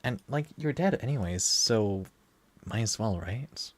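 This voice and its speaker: Slow, low-voiced male streamer. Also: background noise. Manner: relaxed, musing, slow. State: tired, head throbbing. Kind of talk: casual gameplay commentary.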